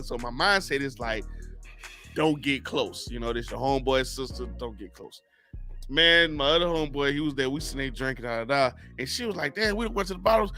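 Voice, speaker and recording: Podcast co-host, man, bright forceful voice, a bit high, animated storyteller who laughs a lot. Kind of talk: casual storytelling chat.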